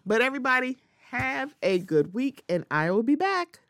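A woman hosting a solo podcast, talking in a lively, conversational way and acting out little quoted exchanges. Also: mid-range voice, fairly quick, no room sound. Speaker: podcast host.

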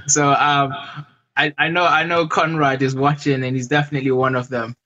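A man guest in an interview, speaking hesitantly with frequent pauses and restarts. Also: on the high side, flat delivery, sharp tone, dull audio. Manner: hesitant, many fillers and restarts. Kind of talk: casual interview.

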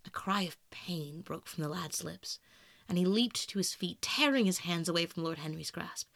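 Man calmly narrating a classic novel. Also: high voice, moderate pace, vocal fry. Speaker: audiobook reader. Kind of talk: storytelling narration.

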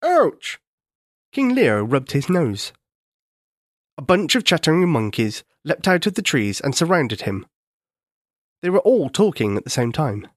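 A man narrating a children's story in a gentle, expressive way. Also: a little high, measured pace, pauses often, no echo, studio quality.

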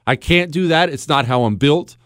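A man's voice: a little high, moderate pace, fairly bright tone, dry recording. A man hosting a radio talk show, delivering a blunt, emphatic and sarcastic monologue into a studio microphone.

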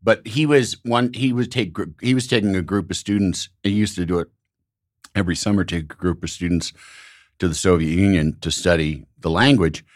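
A middle-aged man from Illinois, hosting a podcast and telling rambling, animated stories in casual conversation. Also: sits low, brisk, no room sound, clean studio sound. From Illinois, United States. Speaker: podcast host.

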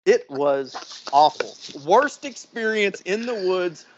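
A man hosting a podcast, telling a long story in a casual, profane, animated way. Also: high-pitched, slow, muffled recording, slight background noise. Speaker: podcast host.

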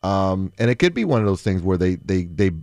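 A man's voice: low-pitched, big pitch swings, fairly quick, darkish tone, no room sound, clean studio sound. A man co-hosting a sports radio show who teases his colleagues and talks through his thoughts at length. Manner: easygoing, teasing, talks in long run-on thoughts. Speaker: co-host, football analyst.

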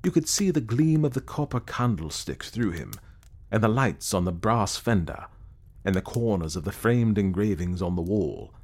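A man's voice: on the low side, animated, normal speed, a little mellow. A man narrating a story in a wry, self-assured manner. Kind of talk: scripted narration.

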